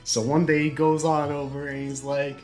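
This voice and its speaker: A man casually telling a long shaggy-dog joke, acting out the characters' lines in quick put-on voices. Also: a little high, flat delivery, darkish tone, soft background music. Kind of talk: casual chat.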